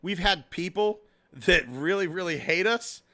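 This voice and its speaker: A man's voice: high voice, a little slow, pushed and bright. A man hosting a casual podcast, joking around and reading out listener comments. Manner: jokey, reads chat comments aloud. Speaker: podcast host.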